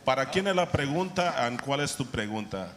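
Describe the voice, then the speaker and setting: A man moderating a panel, lively and switching between two languages mid-sentence. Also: medium pitch, a little fast. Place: large conference hall with audience. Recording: echoey hall with loud crowd noise.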